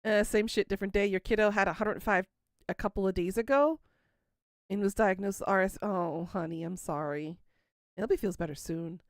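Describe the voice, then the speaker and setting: In a dry, studio-quality recording, a livestream host in her thirties talks briskly in a mid-range voice. She chats casually with live viewers, teasing them as she replies.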